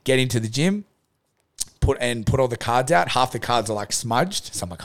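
A man's voice: medium pitch, animated, normal speed. A man, a podcast host, telling a rambling personal story in casual chat, swearing and acting out his own thoughts.

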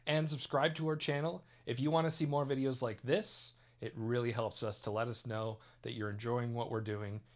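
A man from California co-hosting a theme park podcast, relaxed and casual with dry humor. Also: mid-range voice, normal speed, few pauses. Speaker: podcast co-host. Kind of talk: casual chat.

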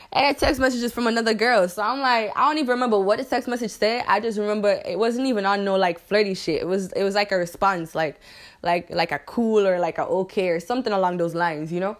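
Slangy young woman telling stories. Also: medium pitch. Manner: slangy, profane and animated, laughs often, keeps asking "you dig?". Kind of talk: casual storytime chat.

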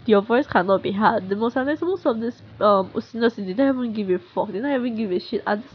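A young woman with a Nigerian accent, speaking in a frustrated, halting monologue full of restarts and sighs. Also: medium pitch, muffled recording, a little hiss or hum. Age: young adult. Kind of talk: emotional unscripted monologue.

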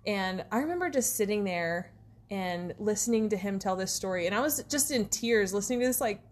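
A woman's voice: mid-range voice, animated, a little fast. A woman co-hosting a podcast, telling stories in casual chat with lots of fillers and restarts. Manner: rambling storyteller, many fillers. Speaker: podcast co-host.

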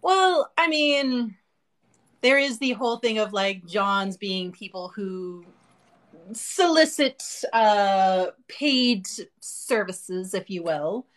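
A woman with a Boston accent co-hosting a casual live-stream chat, playful and animated, bantering quickly with frequent restarts. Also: medium pitch. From Boston area. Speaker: co-host.

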